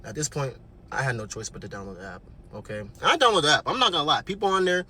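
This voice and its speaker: A young man telling a storytime monologue in an animated, slangy way, often checking in with the listener. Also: fairly high pitch, fast, breathy edge. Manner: animated, slangy, keeps checking in with "right?" and "okay?". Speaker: vlogger.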